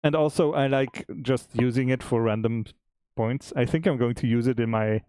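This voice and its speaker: Dry, relaxed male stream co-host. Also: mid-range voice, normal speed, clear, resonant tone, no room sound. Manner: relaxed, chuckling, trailing off and restarting. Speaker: game developer and stream co-host. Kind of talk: casual stream chat.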